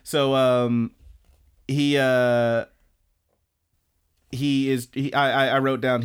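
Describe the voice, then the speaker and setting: A male podcast co-host recapping an anime in casual chat, pitched in the middle. He rambles loosely and trails off with filler phrases and crude jokes. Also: flat delivery, drawn-out words, long pauses, clear, resonant tone.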